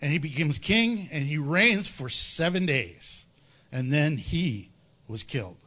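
Lively, bright-voiced male preacher. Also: fairly high pitch, unhurried. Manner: animated storytelling with jokes and acted-out voices. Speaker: pastor. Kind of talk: sermon.

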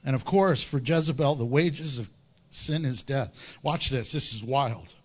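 A man's voice: mid-range voice, unhurried. A man preaching a sermon, telling a story with jokes and acting out the characters' lines. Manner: animated storytelling with jokes and acted-out voices. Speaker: pastor.

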